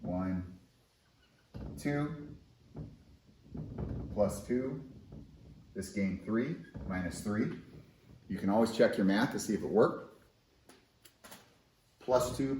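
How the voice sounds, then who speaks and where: A man teaching chemistry in a lively, conversational, enthusiastic way, in a recorded classroom lesson. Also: fairly low pitch, echoey room, slight background noise, low-quality recording.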